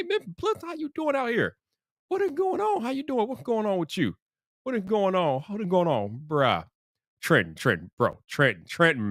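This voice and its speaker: A man's voice: a little high, fairly bright tone, dry recording, clean studio sound. A man hosting a casual livestream, greeting chat viewers by name and sounding exasperated. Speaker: livestream commentary host.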